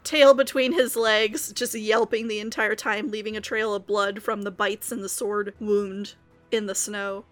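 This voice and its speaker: A woman's voice: medium pitch, fairly even intonation, a little slow, a bit bright, faint music behind. A woman running a tabletop game as game master, narrating the action in vivid detail.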